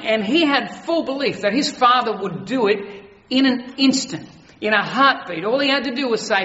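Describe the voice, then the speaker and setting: A man's voice: very high-pitched, animated, sharp tone, highs cut off. Emphatic preaching man, echoey hall. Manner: earnest, emphatic preaching with slowed stresses. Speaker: pastor. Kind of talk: sermon.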